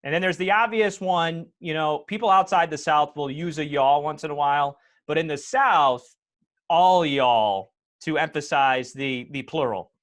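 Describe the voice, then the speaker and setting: This is a man with a slightly high voice and an upstate New York accent, talking casually as a podcast host. He tells stories and explains history in a teacherly way, speaking into a lapel mic on a video call from home. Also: steady tone, moderate pace, hardly any pauses, fairly bright tone. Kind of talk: casual chat.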